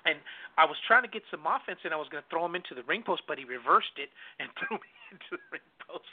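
A wrestler calls in and tells a story in a lively, laughing way, peppered with "dude" and "bro". His voice sits high for a man. The sound is thin and boxy, like a phone line. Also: fast, slight background noise. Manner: animated, laughs often, says "dude" and "bro". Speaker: guest wrestler. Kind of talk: casual storytelling.

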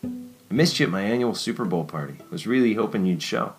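A man's voice: on the low side, expressive, a little fast, soft background music, natural voice. A man voicing a friendly, talkative young male pharmacist who coaxes and reassures his friend.

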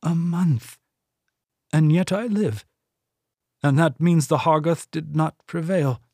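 A man voicing a commanding older woman religious leader in an audiobook, speaking in a stern, imperious, measured way. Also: fairly high pitch, mellow, breathy edge, no room sound, studio quality, pitched above the performer's own voice, full character voice. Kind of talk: audiobook character voice.

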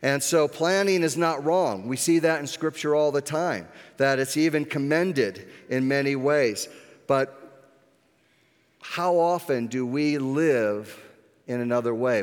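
Earnest preacher in an echoing hall. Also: male voice, medium pitch. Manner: earnest, with restarts and slowed emphasis. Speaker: pastor. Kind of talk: sermon. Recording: echoey hall with long reverb.

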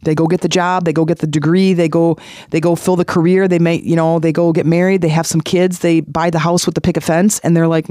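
Man in his 40s doing a self-help pep talk, kinda high voice, repeats stuff for emphasis. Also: steady tone, brisk, darkish tone, no room sound, clean studio sound. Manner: earnest, conversational, repeats phrases for emphasis. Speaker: podcast host.

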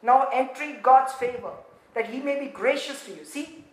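A woman preaches with a high, bright-pitched voice, swinging from soft asides up to shouted lines and breaking into laughter along the way. Her voice rings around a roomy, echoing space. The delivery is lively and fervent. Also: moderate pace. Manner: animated, building to shouts; laughs often while preaching. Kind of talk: sermon. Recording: roomy echo.

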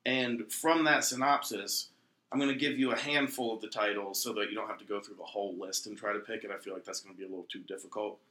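A man's voice: on the low side, fairly even intonation, fast, sharp tone. A man hosting a casual podcast chat, laid-back and loose, swearing as he explains the next game. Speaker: podcast host. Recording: echoey room.

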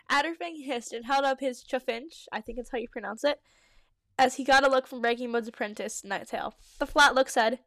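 A woman's voice: on the high side, fairly quick, fairly bright tone, no room sound, clean studio sound. A woman reading her old story aloud and stopping to comment, giggly and full of likes and ums. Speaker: fanfiction reader and podcaster.

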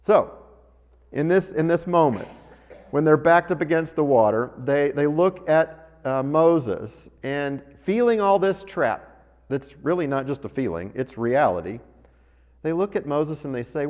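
A man preaching a sermon in a church, reading scripture and then speaking with wry, animated humor. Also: fairly high pitch, normal speed. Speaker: pastor. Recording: long hall reverb.

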